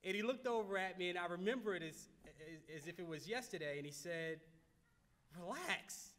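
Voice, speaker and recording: High-voiced man speaking in a reverberant hall. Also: fast talker, a bit bright. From Baltimore, United States. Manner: earnest, repeats phrases for emphasis, frequent restarts. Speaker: keynote speaker. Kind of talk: motivational keynote storytelling. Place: large banquet hall.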